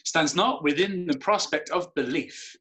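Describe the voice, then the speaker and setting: A man's voice: a little high, unhurried, pushed and bright. A man playing Macbeth as a character who knows he lives in a play, teasing and fond of reciting verse in an educational drama. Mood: knowing. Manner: knowing, lightly teasing, likes reciting verse.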